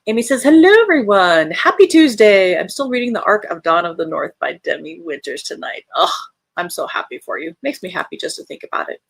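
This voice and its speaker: A woman's voice: fairly low pitch, fairly quick, vocal fry, husky, no room sound. A woman hosting a live reading stream, chatting casually and reading out viewer comments with an American accent. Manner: chatty, friendly, reads chat aloud with bright lifts. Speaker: livestream host of a reading sprint.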